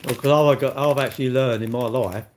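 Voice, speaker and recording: A man's voice: mid-range voice, brisk, a little mellow, slight background noise. Older man teasing his chat. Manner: blunt, teasing banter with chat. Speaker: livestreamer. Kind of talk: casual live-stream chat.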